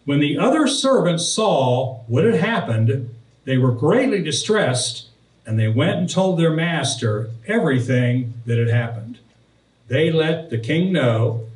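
A pastor preaching, telling a personal story and then reading and explaining scripture verses. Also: male voice, fairly high pitch, big pitch swings, unhurried. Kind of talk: sermon. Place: church sanctuary. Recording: roomy, distant from the mic.

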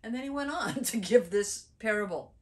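Animated woman preaching a sermon. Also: fairly high pitch, normal speed. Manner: animated storytelling, acts out characters.

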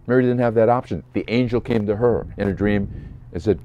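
A low-voiced man preaches a brief sermon in a warm, relaxed tone. He tells the story earnestly and briefly voices the people he quotes. The sound is a little dull, like a modest lo-fi recording. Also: a little fast, slight background noise. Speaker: pastor. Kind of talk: short Easter sermon.

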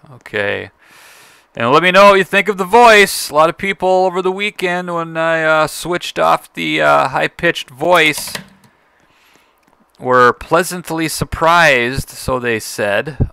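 A man giving casual gameplay commentary, playful and excitable, teasing other players and chatting to his viewers. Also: fairly high pitch, a little slow, creaky, smooth. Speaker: gaming video creator.

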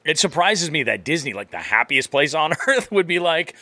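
A man co-hosting a podcast, telling stories in an animated, amused way in casual chat. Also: a little high, fairly quick, noisy background. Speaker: podcast co-host.

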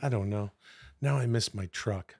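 A man from Canada co-hosting a podcast, telling a rambling story with lots of fillers and sudden bursts of excitement. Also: lowish voice, moderate pace, gravelly, husky. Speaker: podcast co-host. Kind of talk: casual chat.

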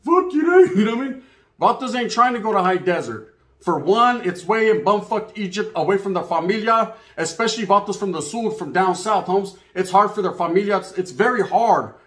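High-voiced man, street slang. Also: a little fast, a bit bright. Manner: street-slang heavy, profane, acts out other people's voices. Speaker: channel host. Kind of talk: casual storytelling monologue. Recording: echoey room.

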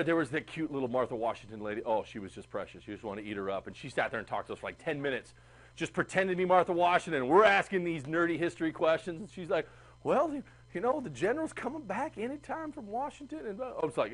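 A man teaching a history class, chatty and animated, asking the class questions. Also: on the high side. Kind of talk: classroom lecture.

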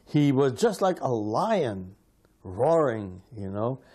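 A man's voice: medium pitch, takes it slowly. A man sharing memories as a devotee, telling anecdotes and acting out the voices he quotes. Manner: animated, acts out quoted voices. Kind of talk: anecdotal storytelling.

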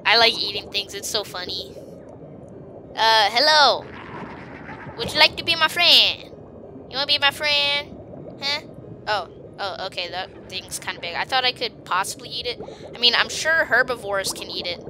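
A woman giving casual, excitable commentary on her gameplay, taunting creatures on screen and giggling often. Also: medium pitch, slight background noise. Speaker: gaming video host.

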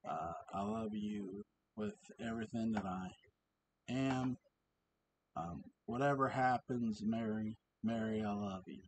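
A man's voice: on the low side, slight background noise. A man reading as a weak, dying young man. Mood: tender. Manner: quiet, unhurried reading. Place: home with cats around.

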